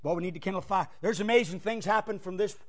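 A male pastor preaching a fiery sermon, swinging from loud cries to hushed asides. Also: high-pitched, fast.

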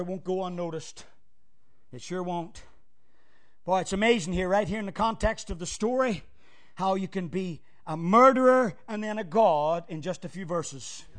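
A male pastor preaching a fiery sermon, swinging from loud cries to hushed asides. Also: high-pitched.

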